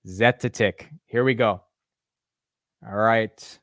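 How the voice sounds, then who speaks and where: Excitable young male market streamer. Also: fairly low pitch, takes it slowly, no echo, studio quality. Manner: excitable, laughs and swears, jumps between calm and loud. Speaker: stock market livestream host. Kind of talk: casual live market commentary.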